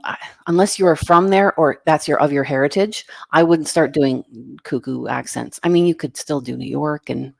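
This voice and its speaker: Middle-aged woman, casting director type, low gravelly voice, blunt and emphatic, dry close sound. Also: no room sound. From Canada. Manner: frank, emphatic, plain-spoken advice. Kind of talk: casual interview answers.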